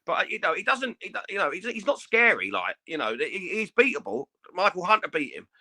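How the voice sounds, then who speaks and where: A man's voice: sits high, very animated, fairly quick, vocal fry, pushed and bright. A man co-hosting a casual boxing podcast, sounding fed up, stammering and swearing. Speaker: podcast co-host.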